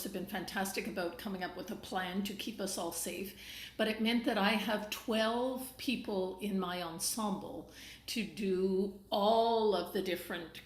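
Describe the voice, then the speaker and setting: A Canadian woman speaks as a stage director, explaining her process at length. She pauses often and circles back as she talks. The recording rings with a roomy echo. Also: medium pitch. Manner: thoughtful, explains at length with many fillers. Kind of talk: interview answers. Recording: echoey room.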